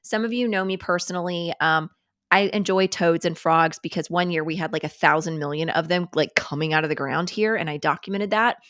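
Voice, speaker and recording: A woman's voice: on the low side, brisk, fairly bright tone, no room sound, clean studio sound. A woman hosting a live stream, chatting casually, giggling and swearing freely as she reacts to clips. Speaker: host.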